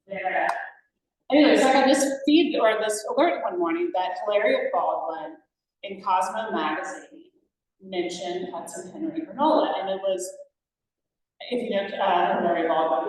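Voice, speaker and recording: A woman's voice: medium pitch, a little hiss or hum. Distant, echoey woman giving a talk. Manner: rambling, many fillers and self-corrections. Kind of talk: casual presentation to an audience. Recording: very echoey room, distant mic.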